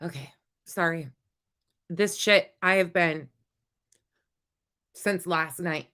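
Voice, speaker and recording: Woman venting live to her chat, angry and cussing, bright sharp voice. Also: fairly low pitch, slow pace, clean tone. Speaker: livestream host. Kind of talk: heated casual livestream chat.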